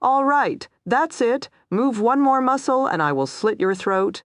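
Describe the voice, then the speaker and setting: A woman voicing a fierce young female agent trainee who talks sharply and crisply in an audiobook. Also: fairly low pitch, very animated, normal speed, a bit bright, dry recording, studio quality, pitched above the performer's own voice.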